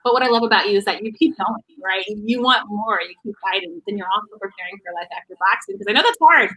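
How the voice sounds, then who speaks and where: A woman's voice: medium pitch, fast, a bit bright, slightly rough, low-quality recording. A woman hosting a sports talk interview, effusive and encouraging. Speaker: host.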